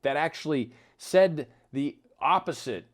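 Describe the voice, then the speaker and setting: A man's voice: fairly high pitch, a little slow. A man talking through political news in casual solo commentary, with wry asides, reading documents aloud as he goes.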